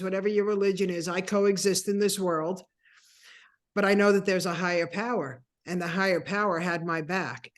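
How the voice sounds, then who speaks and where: A woman in her sixties, a guest telling a personal story with animated, acted-out dialogue. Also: medium pitch. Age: 60s. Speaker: interview guest.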